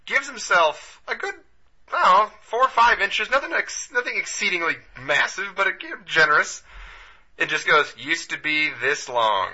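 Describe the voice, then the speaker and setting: A man's voice: sits high, moderate pace, husky. Laid-back man, dull lo-fi podcast. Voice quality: laid-back, profane, deadpan delivery. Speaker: podcast co-host. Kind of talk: casual storytelling chat.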